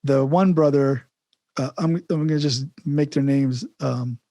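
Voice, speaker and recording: A man's voice: mid-range voice, fairly even intonation, measured pace, mellow, no room sound, studio quality. A man hosting a podcast interview, talking casually in a rambling way with many restarts and chuckles. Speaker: podcast host.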